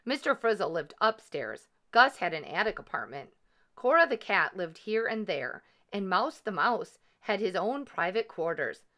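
A woman reads a children's picture book aloud, bringing it to life with expressive, animated delivery. Her pitch is medium and her pace moderate.

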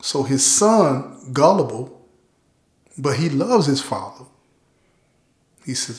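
Male storyteller, casual and direct, mid-pitched, roomy echo. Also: big pitch swings, slow, long pauses. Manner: conversational, addresses listeners directly. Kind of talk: casual true-crime storytelling.

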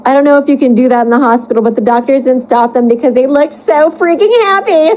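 A young woman streamer with a fairly high voice who reads a cringeworthy fan fiction aloud. She stays animated, laughing often and breaking into mock-horrified outbursts. A faint hiss sits under her voice. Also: fast talker, rough recording. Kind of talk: reading a fan fiction aloud and playing a game with reactions.

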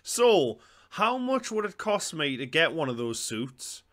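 A man with a Geordie accent, chatting excitably and swearing while reacting to a comedy show. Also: a little high, measured pace, very noisy. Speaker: reaction video host. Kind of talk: casual reaction commentary.

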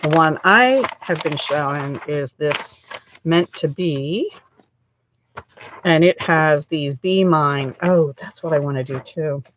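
A woman's voice: low-pitched, takes it slowly, dull audio. Chatty middle-aged woman with scratchy throat. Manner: rambling, chatty, narrates her crafting steps. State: scratchy throat, recovering from a cold. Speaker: craft channel host. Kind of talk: chatty live crafting stream.

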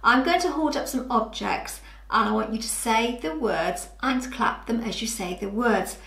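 A woman leads a lesson for small children in a slow, carefully spaced voice. Her higher pitch rises and falls in a lively, sing-song way. The sound carries an echo from the room. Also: creaky. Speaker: early years teacher.

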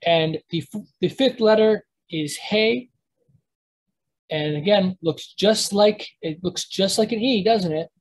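Slow, husky teacher explaining step by step. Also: mid-range voice. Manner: explanatory, halting, with frequent restarts and checks. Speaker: language teacher. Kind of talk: live online lesson with screen sharing.

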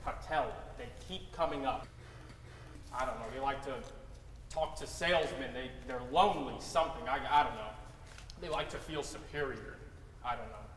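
A man's voice: medium pitch, normal speed, fairly bright tone, close to an everyday voice. Male actor as a crude, swearing salesman on a rant; echoey live hall. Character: crude, bitter male salesman, scornful and ranting. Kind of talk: live stage acting. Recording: echoey hall, faint noise.

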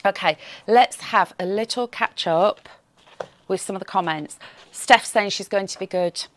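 A woman's voice: medium pitch, a little slow. A woman hosting a live craft shopping show, chatting and reading out viewer comments in a cheerful, teasing way, with a slight frog in her throat.

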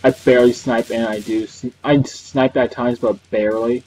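Male gamer, casual commentary, rambling and self-mocking, mid-pitched voice, faint gunfire under it. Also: fairly even intonation, moderate pace, a little mellow, slight background noise, rough recording. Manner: rambling, self-deprecating, swears now and then. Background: faint game gunfire.

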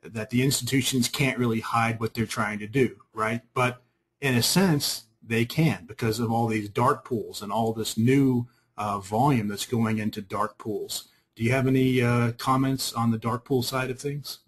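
A man's voice: mid-range voice, fairly even intonation, normal speed, breathy edge. A man hosting a webinar, asking a guest long questions and agreeing with him. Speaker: webinar host. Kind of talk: interviewing a guest.

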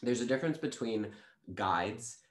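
A man who is a guest on a podcast, telling stories about his spiritual practice in a lively way and acting out quotes. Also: mid-range voice, measured pace, echoey room. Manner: animated storytelling, acts out quotes. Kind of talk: casual spiritual chat.

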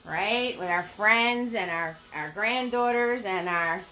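A woman's voice: medium pitch, takes it slowly, sharp tone. An older woman giving a live painting lesson, upbeat, chatty and encouraging. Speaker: painting instructor.

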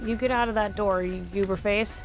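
A woman's voice: medium pitch, fairly even intonation, fairly quick, soft background music. A woman hosting a casual gameplay session, teasing her opponent with playful trash talk and laughter. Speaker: gaming channel host.

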